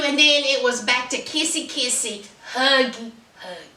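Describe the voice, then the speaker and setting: A woman's voice: sits high, normal speed, pushed and bright, reverberant, distant mic. A woman giving a casual, sassy recap of a reality TV episode, acting out the people she quotes and laughing often. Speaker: reality TV reviewer.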